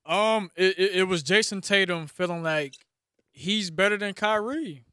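A man's voice: sits high, measured pace, bright, forceful tone, smooth, no echo, studio quality. A man co-hosting a sports talk radio show, hesitant at first and then giving firm opinions.

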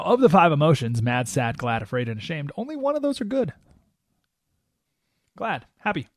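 A man's voice: fairly high pitch, gravelly, a little mellow, no echo, clean studio sound. A man hosting a radio talk show, giving an emphatic, opinionated monologue and acting out the voices he quotes. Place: radio studio.

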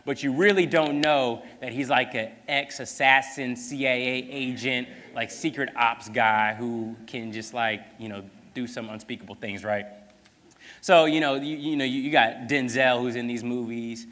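A man preaching a sermon, telling a story in a casual, animated way full of fillers. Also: mid-range voice, normal speed, in a large hall.

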